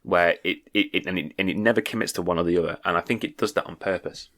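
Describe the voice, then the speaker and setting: A man co-hosting a podcast, telling animated stories with stammered restarts and quick acted-out quotes. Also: low voice. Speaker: podcast co-host. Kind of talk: casual chat.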